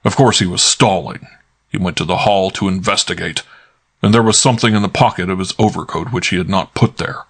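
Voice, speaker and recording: A man's voice: sits low, a little fast, breathy edge. A man narrating a classic detective novel in first person, dry and wry. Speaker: audiobook narrator.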